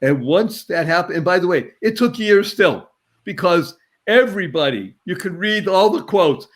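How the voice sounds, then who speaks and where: Man, show host, slightly high voice, chatty, jovial. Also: lively intonation, normal speed. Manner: chatty, jovial, laughs often. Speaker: podcast host. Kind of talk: interview hosting.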